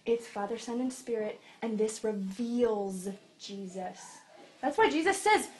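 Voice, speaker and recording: A woman delivers a sermon in a conversational style, slipping into quoted voices as she goes. Her voice sits slightly high for a woman, and she talks as if to a friend. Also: lively intonation, moderate pace, darkish tone. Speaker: preacher.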